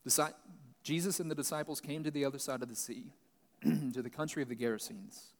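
A man's voice: medium pitch, fairly even intonation, a little fast. A man pastor giving Bible teaching, reading a passage and then explaining it plainly. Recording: long reverb, large hall.

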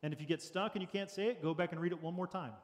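A man's voice: high-pitched, steady tone, racing, long reverb tail. A man preaching a sermon as pastor, earnest and practical, with light jokes for the congregation. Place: church sanctuary.

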